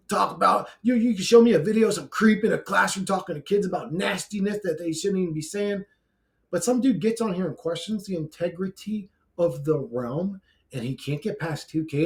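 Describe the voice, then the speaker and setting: A man's voice: sits high, darkish tone. A man giving a brash, blunt, profane ranting monologue to his own channel, laughing between outbursts. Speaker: YouTuber.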